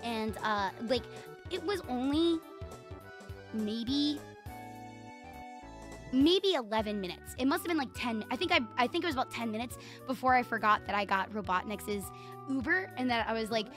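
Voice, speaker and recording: High-voiced woman streamer, laughing storyteller. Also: moderate pace, pauses often, over music. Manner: laughs often, swears, animated and rambling. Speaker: VTuber streamer. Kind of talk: casual storytelling to stream chat.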